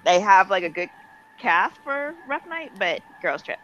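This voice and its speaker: A woman's voice: mid-range voice, big pitch swings, a little slow, fairly bright tone, dull audio. A woman as a podcast guest in casual chat, easygoing and a little unsure.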